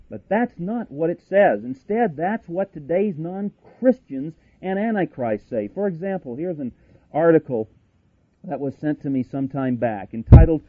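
A man's voice: a little high, lively intonation, moderate pace, breathy edge, no room sound. Male preacher going hard on a sermon, lots of restarts n asides, dry phone-thin radio sound. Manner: emphatic, rhetorical, frequent restarts and asides. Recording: dry, tinny radio broadcast.

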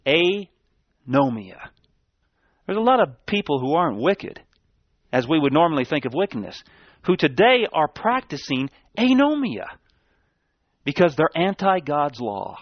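A man's voice: fairly high pitch, very animated, normal speed, no room sound. Emphatic man preaching on lo-fi tape. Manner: emphatic, repeats key words, swings between raised and dropped voice. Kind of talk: sermon. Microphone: sermon tape recording. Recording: dull dry lo-fi church tape.

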